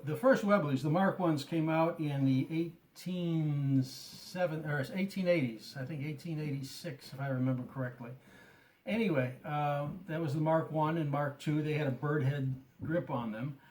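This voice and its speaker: Older gunsmith, a touch high. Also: male voice. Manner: relaxed, wandering, many fillers. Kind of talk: casual explanatory tutorial.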